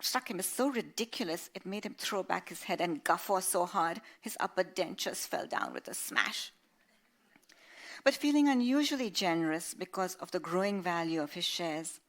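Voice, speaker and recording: A woman author reads from her novel to listeners, her voice a bit low. She is measured and expressive, shaping each sentence with care. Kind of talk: literary reading aloud.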